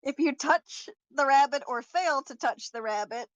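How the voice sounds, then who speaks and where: A woman's voice: high-pitched, moderate pace, no echo, poor audio. A woman narrating a tabletop role-playing game as game master, playful and teasing.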